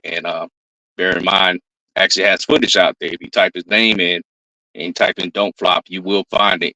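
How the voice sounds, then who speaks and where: A man hosting a battle rap recap in relaxed, casual commentary, repeating punchlines back. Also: deep voice, low-quality recording.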